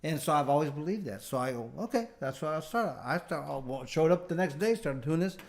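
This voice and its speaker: A middle-aged man with a slightly high voice tells his story at length in a relaxed interview. He rambles, restarts his sentences, and acts out the lines of the people in it. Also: fairly quick. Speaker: guest, former fighter turned bail bondsman.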